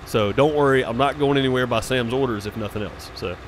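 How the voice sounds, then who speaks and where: A man's voice: medium pitch, fairly quick, background noise. A man live-streaming a farming game, chatting casually with viewers in a rambling, easygoing way. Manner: laid-back and rambling, with frequent "uh" and "man".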